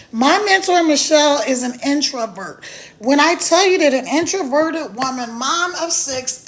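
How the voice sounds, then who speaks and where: Woman in her 40s, high voice, chatty live-stream seller, animated storyteller on a phone mic. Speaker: online business recruiter. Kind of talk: casual live-stream pitch. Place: indoors, talking to a phone camera.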